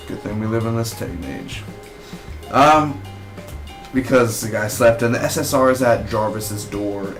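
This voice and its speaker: A man giving a casual spoiler recap of a TV episode, rambling and correcting himself, with a string of rhetorical questions. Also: fairly low pitch. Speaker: TV episode reviewer.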